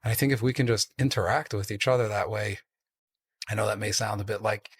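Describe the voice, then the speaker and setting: A man's voice: lowish voice, steady tone, brisk, husky, dry recording. A man guest on a podcast musing in casual chat, with many filler words.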